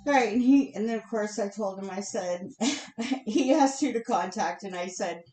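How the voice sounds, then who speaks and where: A woman's voice: medium pitch, moderate pace, mellow, faint music behind. A fuming woman rants into her camera, cursing freely and sighing between outbursts. Her voice sits in a middle register and bounces around a roomy, echoing space. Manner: profane, heated and venting, with sighs. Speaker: vlogger. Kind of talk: angry live-stream rant. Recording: roomy echo.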